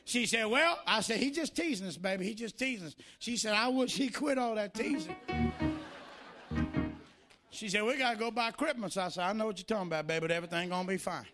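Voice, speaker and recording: A male preacher giving a sermon in church, moving between shouted, sing-song preaching and quieter, folksy storytelling. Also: sits high, a little fast, faint music behind.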